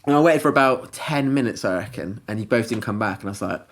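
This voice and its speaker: A young man, co-hosting a podcast and telling a story in casual chat, animated and often laughing as he goes. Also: medium pitch, fast. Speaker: podcast co-host.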